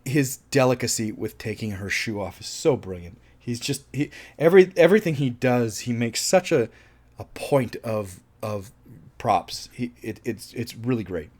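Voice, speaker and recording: A man's voice: medium pitch, expressive, moderate pace, darkish tone. A man reviewing a film in a casual monologue. He is enthusiastic, laughs often and swears freely.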